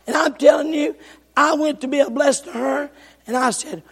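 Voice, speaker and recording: Folksy preacher with gravelly voice. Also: male voice, extremely high pitch, moderate pace. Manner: folksy storytelling, shouting bursts. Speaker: pastor. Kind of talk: sermon. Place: church sanctuary. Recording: echoey church hall.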